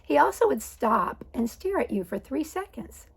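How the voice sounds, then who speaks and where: An older woman in her sixties telling a personal story with a gravelly, husky voice pitched a little high. She speaks conversationally and with dry wit, often stopping to correct herself. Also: sing-song, normal speed. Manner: conversational, self-correcting, wry. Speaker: vlogger.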